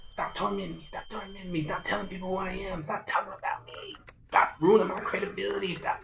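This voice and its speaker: A man voicing a cowardly male leader, pleading in whispered role-play with breathy, repeated begging. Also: high-pitched, steady tone, quick pace, a bit bright, roomy sound, dull audio, a little hiss or hum, heavily acted.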